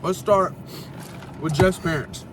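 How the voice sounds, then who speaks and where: A man's voice: high voice, takes it slowly. A young man co-hosting a casual podcast, talking loosely and profanely and joking around inside a car. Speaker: podcast co-host. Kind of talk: casual chat. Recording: distant mic with car noise.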